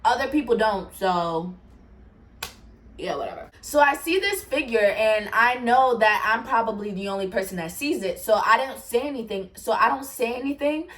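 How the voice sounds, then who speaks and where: Laughing, animated woman telling stories. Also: a little high, normal speed, recorded from a distance. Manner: animated, swears, laughs often. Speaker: storyteller vlogger. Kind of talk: casual storytime.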